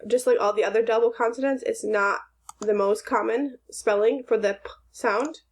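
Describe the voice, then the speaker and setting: Woman teacher doing a kids phonics lesson, kinda high voice, slow and clear, lots of praise. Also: fairly even intonation. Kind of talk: phonics and grammar lesson for young children.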